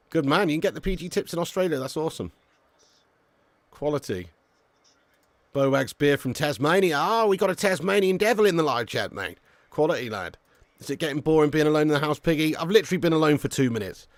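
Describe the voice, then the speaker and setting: A young man hosting a live football watch-along, chatting casually with his viewers, reading out their comments, swearing freely and shouting with excitement when a chance comes. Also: mid-range voice, no echo.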